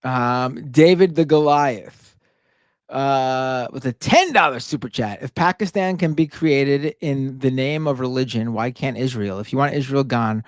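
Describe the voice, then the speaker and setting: A man's voice: mid-range voice, unhurried, no room sound, clean studio sound. A man hosting a live stream, reading super chats aloud and ranting in a casual, profane, indignant way. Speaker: livestream show host.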